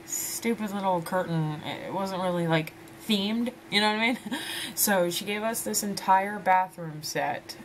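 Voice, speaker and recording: A woman's voice: on the low side, slight background noise. A woman in her twenties chatting casually to camera as a vlogger, rambling and laughing as she addresses her viewers as ladies. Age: 20s.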